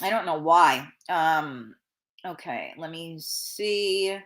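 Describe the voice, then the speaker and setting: Blunt sweary lady host chatting on a live stream, kinda sharp voice, sniffly nose. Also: low-pitched, animated, slow pace. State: runny nose. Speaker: talk show host reading viewer comments. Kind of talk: casual live-stream chat.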